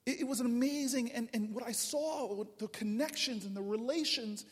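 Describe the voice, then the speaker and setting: Husky and very high-pitched, this man speaks at a moderate pace. The New Jersey politician delivers an animated, funny storytelling speech at a town hall, with lots of restarts, and the distant recording picks up the reverb of the large public hall.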